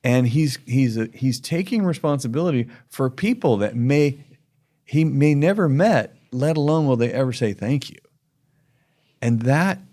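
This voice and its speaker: A man's voice: mid-range voice, lively intonation, unhurried, mellow. A man co-hosting a casual faith-based podcast, talking earnestly with many restarts and emphatic urging. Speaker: podcast co-host.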